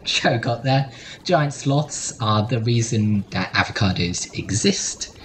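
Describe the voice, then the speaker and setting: A man's voice: mid-range voice, expressive, slow pace, fairly bright tone, a little hiss or hum, poor audio. A man co-hosting a podcast, joking through a mock-serious closing argument in casual chat. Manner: playful, mock-serious debating. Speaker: podcast co-host.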